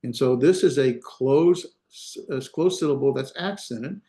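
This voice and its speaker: A man's voice: mid-range voice, a little slow, mellow, echoey room. A man teaching a class over a video call, explaining step by step with many fillers and restarts. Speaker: Hebrew instructor. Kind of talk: online class lecture. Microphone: computer mic on a video call.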